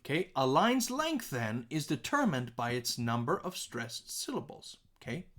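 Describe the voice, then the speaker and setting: A man teaching a music composition lesson, repeating words aloud to show their pitch and often checking in with "okay?". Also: normal speed. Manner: animated, sing-song emphasis. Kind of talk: recorded classroom lesson.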